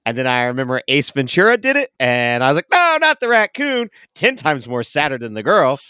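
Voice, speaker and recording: A man co-hosting a movie podcast, jokey and quick to laugh. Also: medium pitch, big pitch swings, bright, forceful tone, clean tone, no echo, studio quality. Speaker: podcast co-host. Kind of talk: casual movie chat.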